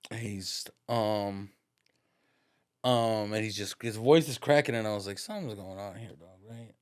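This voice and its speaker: A man's voice: lowish voice, measured pace, clear, resonant tone. A man as a podcast guest, telling a story in casual, profane, slangy talk and acting out the voices in it. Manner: lively, acts out the voices in his stories.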